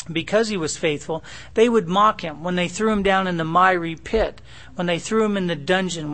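A man's voice: a little high, gravelly, fairly bright tone. A man preaching a sermon in a conversational way, with fillers and asides. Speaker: pastor.

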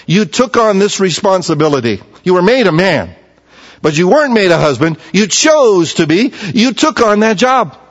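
A man's voice: high-pitched, moderate pace. Man preaching a sermon in an echoing hall. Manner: animated, acts out quoted voices, then drops to soft calm tones. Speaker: pastor. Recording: echoey hall, dull lo-fi sound.

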